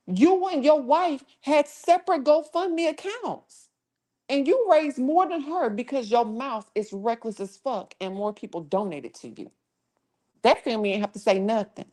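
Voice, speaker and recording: A woman's voice: fairly high pitch, a little mellow. A woman hosting a casual livestream who talks profanely and scolds trolls in her chat in a confrontational tone. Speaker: livestream host.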